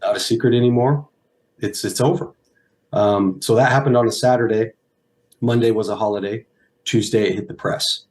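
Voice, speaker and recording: A man in his thirties speaks as an interview guest, his voice on the low side. He tells his story earnestly, stopping and restarting, and sounds near tears. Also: moderate pace, a little mellow. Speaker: guest, former pro football player. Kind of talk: emotional personal story.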